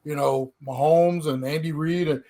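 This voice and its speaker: A man's voice: a little high, normal speed. A middle-aged man and former player co-hosting a casual sports podcast, talking emphatically and restarting words as he goes. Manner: animated, emphatic, repeats words when starting.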